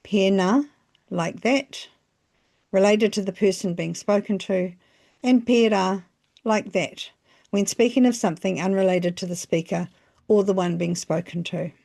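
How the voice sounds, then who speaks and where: A woman narrating a scripted language lesson, phrasing each example slowly and carefully. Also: mid-range voice, creaky, a little mellow. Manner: slow, careful phrasing with pauses between examples. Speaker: language teacher.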